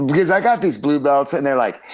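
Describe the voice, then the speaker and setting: A middle-aged man, a jiu-jitsu coach, telling stories on a podcast in a profane, animated way with frequent laughter. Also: a little high, measured pace, rough recording. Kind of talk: casual podcast storytelling.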